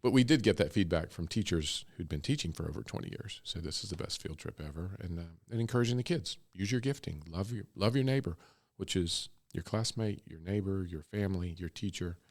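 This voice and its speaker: A man's voice: sits low, fairly quick, few pauses. A man being interviewed as co-founder of a ministry, talking in a rambling, enthusiastic way with laughs. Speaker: guest, co-founder of a bunny ministry. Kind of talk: casual interview talk.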